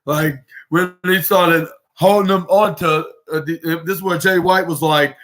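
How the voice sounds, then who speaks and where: High, bright-voiced man rambling through a recap. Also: a little slow. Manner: rambling play-by-play with many restarts and fillers; animated, acts out quoted lines. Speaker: podcast host. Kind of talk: casual wrestling episode recap.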